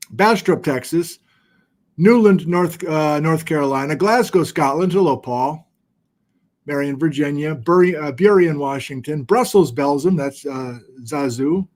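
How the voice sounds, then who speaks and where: A man's voice: fairly high pitch, a little mellow. A middle-aged man hosting a casual livestream, chatting in a self-deprecating way and reading out where viewers are watching from. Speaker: livestream host. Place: home studio with document camera.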